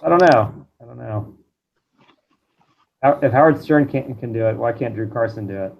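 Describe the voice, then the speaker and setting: A man's voice: mid-range voice, normal speed, gravelly. A man who is a guest in a casual podcast chat, asking questions with many stammering restarts. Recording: dull lo-fi audio.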